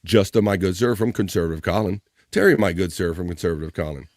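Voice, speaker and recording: A man's voice: low-pitched, animated, fast, no room sound, clean studio sound. A man hosting a live stream in a casual, playful way. He reads out viewer comments and jokes with the chat. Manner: playful, jokey, shouting out viewers by name. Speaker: live-stream show host.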